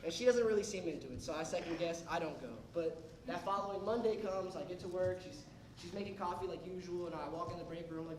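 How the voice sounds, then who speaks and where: Young guy doing high-pitched stand-up. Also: quick pace, recorded from a distance, background noise. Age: young adult. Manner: rambling storytelling with restarts and asides. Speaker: stand-up comedian. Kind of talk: stand-up comedy set. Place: comedy club stage. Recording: echoey club with laughing crowd. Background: audience laughter.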